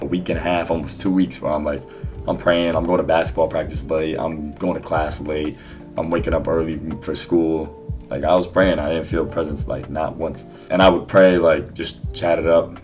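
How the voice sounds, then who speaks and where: A young vlogger with an extremely low, slightly mellow voice shares his faith testimony casually. He tells his personal story in a loose, rambling way, packed with fillers and slang.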